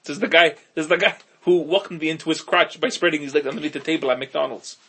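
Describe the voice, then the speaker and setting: A man's voice: a little high, fast, sharp tone, slightly rough. A man co-hosting a podcast, chatting casually in a rambling, wry way that keeps interrupting itself. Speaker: podcast co-host. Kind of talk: casual chat.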